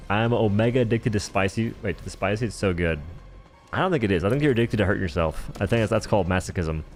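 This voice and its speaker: A man's voice: on the low side, brisk, long pauses, soft background music. A man streaming a game live, rambling and joking in casual chatter as he answers viewers' chat.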